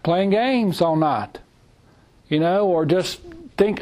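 A man's voice: high voice, unhurried, darkish tone. A middle-aged man teaching a Bible class, emphatic and repetitive, reading scripture aloud. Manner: emphatic, repeats phrases, reads scripture aloud. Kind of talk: sermon.

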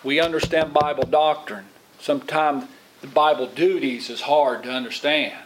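A man's voice: fairly high pitch, fairly even intonation, normal speed, a little hiss or hum, low-quality recording. Rambling middle-aged male lay preacher. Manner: rambling, repeats and restarts, acts out quoted voices. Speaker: lay preacher, Bible teacher. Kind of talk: informal sermon.

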